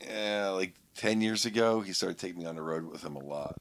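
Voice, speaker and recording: Deep-voiced man in rambling chat. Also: a little fast, fairly bright tone, a little hiss or hum. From Pittsburgh. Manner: rambling, many restarts and filler words. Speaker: guest comedian. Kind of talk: casual podcast chat.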